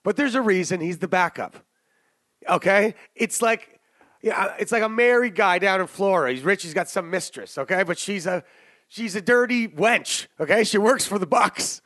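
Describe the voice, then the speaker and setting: High-voiced brash sports podcast guy. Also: animated, moderate pace, a bit bright, no echo, clean studio sound. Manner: brash, jokey, rambling with asides. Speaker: sports betting podcast co-host. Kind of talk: casual sports betting chat.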